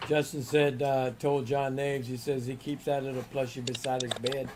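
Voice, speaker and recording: A man's voice: mid-range voice, level tone, normal speed, background noise. A man co-hosting a live stream, reading viewer comments aloud and cracking jokes. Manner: wisecracking, reads out viewer comments. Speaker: co-host reading the chat. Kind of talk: casual live-stream chat.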